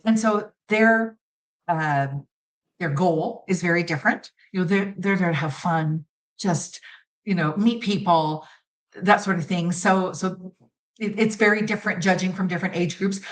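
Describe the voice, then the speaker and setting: A woman's voice: fairly low pitch, poor audio. A middle-aged woman, a pageant judge and coach, giving confident, emphatic interview answers and acting out little quotes. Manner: confident, emphatic, acts out quotes, laughs easily.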